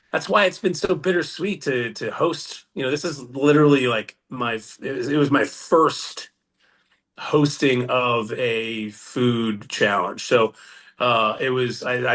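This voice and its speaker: Guy rambling thru a story, chuckling a lot, middle pitched. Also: fairly bright tone. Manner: laughs while telling stories, rambling asides. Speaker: guest. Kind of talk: casual storytelling.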